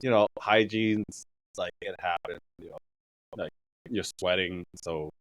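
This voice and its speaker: A podcast host with a deep, unhurried voice tells rambling, raunchy stories in casual chat, often laughing mid-sentence. The recording is dry and rough.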